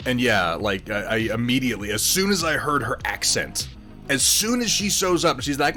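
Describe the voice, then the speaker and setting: A man chatting casually on a livestream, rambling and laughing between thoughts, with swearing. His pitch sits in a typical middle range, and faint music plays underneath. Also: expressive, a little fast, pushed and bright. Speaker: livestream host painting miniatures.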